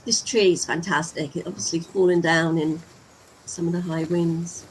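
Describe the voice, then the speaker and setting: Out walking with a handheld camera, this middle-aged English vlogger chats to her audience in a loose, wandering way. Her pitch is fairly low and her tone steady at an ordinary pace, while the rough recording carries a little hiss or hum.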